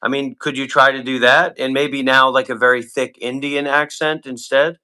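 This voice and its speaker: A man hosts a livestream and rambles through halting, filler-heavy sentences. His voice is bright. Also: mid-range voice, level tone, clean tone, rough recording. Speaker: host. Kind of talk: livestream talk.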